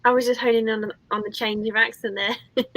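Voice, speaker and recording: A woman's voice: a little high, little pitch movement, moderate pace, a bit bright, no room sound, low-quality recording. A woman guest on a live-stream creator panel, talking in a chatty, friendly way. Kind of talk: casual live-stream chat.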